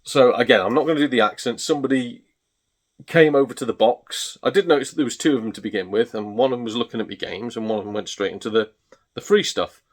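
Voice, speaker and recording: A man's voice: mid-range voice, fast talker. British guy ranting about his day, chatty, keeps restarting his sentences, fed up. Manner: exasperated, chatty, self-interrupting. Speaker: gaming channel host. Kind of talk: rambling storytelling rant.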